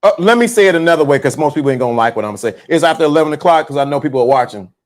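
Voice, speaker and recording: Brief: male stream host, high voice, blunt and slangy, casual late-night talk. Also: lively intonation, very fast. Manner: blunt, frank, slangy, with restarts.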